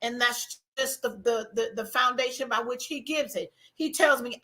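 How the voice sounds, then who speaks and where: A woman's voice: fairly high pitch, moderate pace, hardly any pauses, bright, forceful tone. A woman hosting a faith talk show, speaking candidly and emphatically, often acting out what she once said. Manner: emphatic, acts out her own past words. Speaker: ministry conference host.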